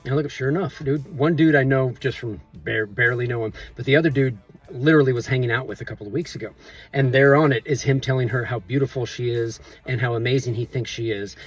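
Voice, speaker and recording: A middle-aged man telling a personal story in a chatty, animated way and asking viewers to judge him. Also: medium pitch, breathy edge, dry recording. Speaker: vlogger. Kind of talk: casual storytelling to camera.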